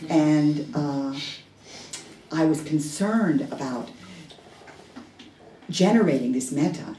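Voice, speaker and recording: A low, mellow-voiced woman gives a candid, self-deprecating dharma talk, stopping and restarting as she tells her story. She is recorded from some distance in an echoey hall with a faint room hum.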